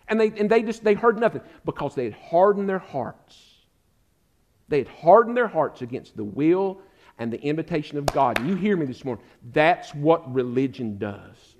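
A middle-aged male pastor preaching a sermon, swinging from hushed lines to shouted ones. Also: sits high, animated, fairly quick.

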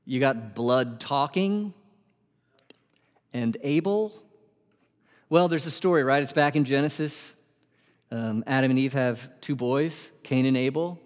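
A man preaching a sermon as pastor, animated and asking his congregation questions. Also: medium pitch, a little slow, pauses often. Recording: long hall reverb.

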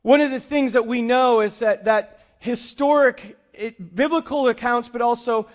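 A male pastor preaching a sermon and telling a story with lively acted-out dialogue. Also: very high voice, normal speed, highs cut off. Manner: animated storyteller, acts out dialogue.

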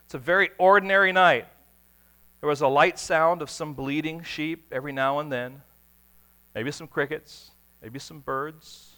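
A man preaching in a bright, forceful voice that sits a little high for a man. He tells his stories dramatically, dropping to a hush and then bursting into a shout. A faint mains hum runs underneath. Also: normal speed. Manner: dramatic storytelling, swings from hushed to shouting. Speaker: pastor. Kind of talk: sermon.

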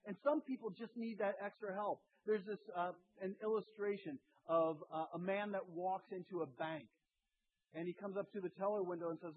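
A man's voice: high-pitched, steady tone, brisk, no room sound. A man preaching a sermon as pastor, telling stories and acting out voices, with emphatic bursts. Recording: dry, tinny phone-like sound.

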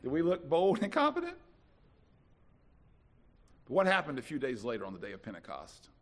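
A pastor from North Carolina, preaching a sermon with dramatic swings from soft to loud. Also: male voice, fairly high pitch, huge pitch swings, fairly quick.

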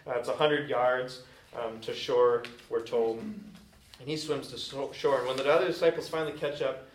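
Casual pastor with an echoey, distant sound. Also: male voice, medium pitch, steady tone, normal speed. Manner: casual storytelling, conversational with fillers. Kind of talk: sermon. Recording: echoey room from a distant mic.

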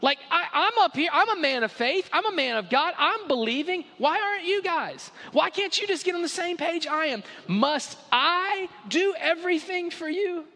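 A man's voice: very high voice, expressive, a little fast, hardly any pauses, pitched above the performer's own voice, heavily acted. A man putting on an exasperated, mocking leader. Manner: sarcastic, shouting questions. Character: exasperated, condescending male leader scolding his people. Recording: echoey hall.

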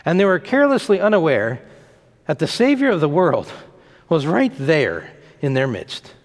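Male pastor, somewhat high voice, animated and emphatic delivery, long church echo. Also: moderate pace. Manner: emphatic, repeats phrases for effect. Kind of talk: sermon.

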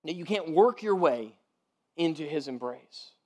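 A man with a high voice gives a sermon in a relaxed, chatty manner. He checks in with the room often and sometimes goes quiet and soft for emphasis. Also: unhurried. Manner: conversational, with many "like" and "right?". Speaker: pastor.

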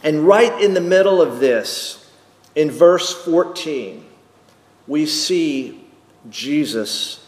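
A male pastor preaching a sermon slowly and emphatically, repeating key phrases for weight. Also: a little high, expressive, a little mellow. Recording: echoey hall with long reverb.

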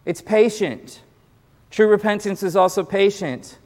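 A man's voice: sits high, a little slow, a little mellow, in a large hall. A male pastor preaching a sermon in a casual, conversational way, often repeating words as he builds his points.

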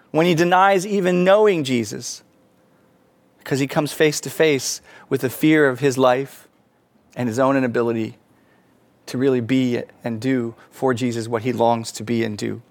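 A man preaching a sermon, earnest, rising to emphatic peaks and falling back soft. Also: mid-range voice, dry recording. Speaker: pastor.

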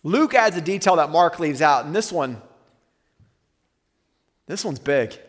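A man preaching a sermon as pastor, earnest, slowing and softening on weighty lines. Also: on the high side, expressive, big-room sound.

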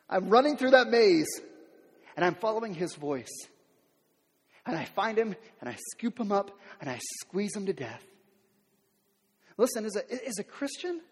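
A middle-aged male pastor preaching in a church, his voice high for a man. He talks in a loose, conversational way, restarting and repeating words, then rises to loud, emphatic peaks. The sound carries a long reverb from the large room. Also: slightly rough. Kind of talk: sermon. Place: church sanctuary.

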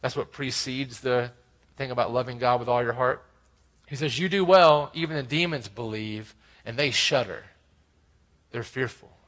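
A man preaching a sermon, explaining scripture verse by verse with frequent "right?" asides, swinging between loud emphasis and quiet asides. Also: medium pitch, moderate pace, poor audio. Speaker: pastor.

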